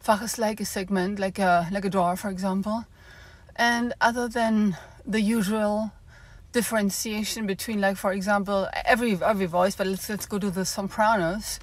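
A woman's voice: mid-range voice, fairly even intonation, normal speed, no room sound. A woman opera singer in a casual vlog, explaining things from her car in a chatty way with many fillers, slightly out of breath.

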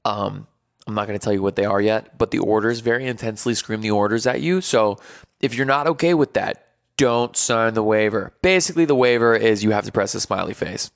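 A man's voice: lowish voice, a little fast, creaky, dry recording, studio quality. A man hosting a live stream, joking with viewers, then hyping them up like a playful drill sergeant and counting out numbers. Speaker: livestream host.

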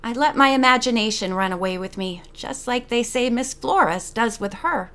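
A woman's voice: fairly high pitch, lively intonation, normal speed, bright, forceful tone. A woman reading the part of a fretful, motherly older housekeeper in an audiobook. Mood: soothing. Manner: fretful, fussing.

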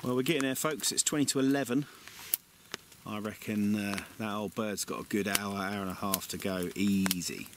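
A man talks casually to his camera at a night-time woodland campsite, upbeat and self-mocking. His voice sits low. Heavy rain and crackling noise fill the background. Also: steady tone, moderate pace. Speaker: vlogger. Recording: loud rain and crackling outdoors.

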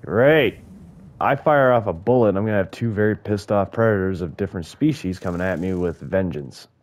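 A man giving live gameplay commentary, muttering and swearing to himself, with loud frustrated outbursts. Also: low voice, fairly quick. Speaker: gaming video host.

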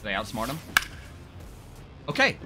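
A man giving excited, joking gameplay commentary with crude trash talk and bursts of yelling. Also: medium pitch, normal speed, music in the background. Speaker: gaming video creator.

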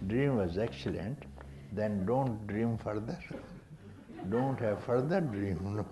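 An older man giving a spiritual discourse to a gathering, unhurried and teasing, often chuckling and prompting his listeners with a questioning "hmm?". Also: fairly low pitch, lively intonation, background noise. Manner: chuckles often while talking. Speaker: spiritual teacher.

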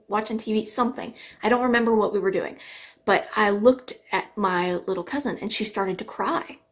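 A woman's voice: lowish voice, vocal fry. A young adult woman with a dry, sarcastic manner, telling rambling stories to camera with lots of fillers while sniffly from allergies. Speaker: singer reacting to songs. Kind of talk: casual storytelling to camera.

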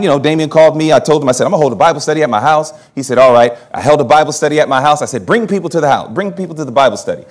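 A man pastor preaching a sermon, telling his own story with humor and laughing at himself. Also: on the high side. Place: church hall at a camp meeting.

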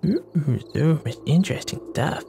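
Hushed, playful gameplay commentator. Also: mid-range voice, sing-song, measured pace, soft background music. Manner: hushed, keeping quiet for a sleeping household; playful, hums silly sound effects while working. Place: home room at night.

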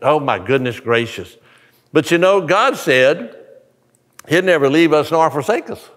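Male pastor, unhurried and lively in pitch, animated sermon storytelling, church hall with long reverb. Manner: animated storytelling, acts out characters. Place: church sanctuary.

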